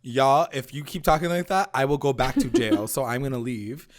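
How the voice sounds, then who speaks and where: A man's voice: medium pitch, moderate pace, a crowd in the background. A man co-hosting a TV recap podcast, chatting loosely and swearing, often acting out the characters' lines. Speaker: podcast co-host. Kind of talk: casual recap chat.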